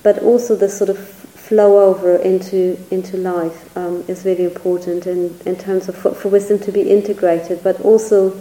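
A woman's voice: fairly low pitch, flat delivery, normal speed, hardly any pauses, mellow, reverberant, rough recording. A woman teacher giving a reflective Buddhist dharma talk, searching for words and hedging often as she speaks. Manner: reflective, searching, hedges with "sort of".

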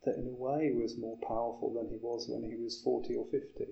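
A man reflects in a measured, earnest way. His delivery stays flat and even, and his mellow tone is muffled by a dull, lo-fi recording. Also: mid-range voice, gravelly. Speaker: guest. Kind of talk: reflective conversation.

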